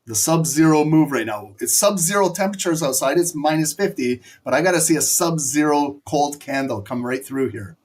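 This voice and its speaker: Brief: male live-stream trading host, fairly high voice, excitable and profane play-by-play. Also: normal speed, few pauses. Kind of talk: live market commentary.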